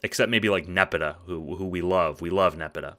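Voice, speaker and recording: This video essayist speaks in a low register, a little quickly, with a bright and forceful tone. It's late at night and he yawns through his spoken essay, casual and foul-mouthed, leaning on fillers and tag questions like "right?".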